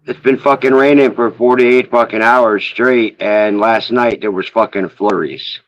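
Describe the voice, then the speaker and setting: A man's voice: mid-range voice, fairly even intonation, unhurried, no room sound. A man calling into a stream, talking casually and swearing emphatically. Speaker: caller. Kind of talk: casual chat. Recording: dry dull call line.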